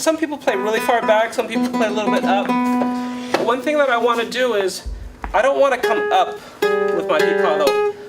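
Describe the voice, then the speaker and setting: A man's voice: very high voice, low-quality recording. A man teaching a flamenco guitar workshop in a casual, chatty way, often checking in with "right?" and "okay?". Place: workshop room. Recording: loud guitar under the voice. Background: guitar playing.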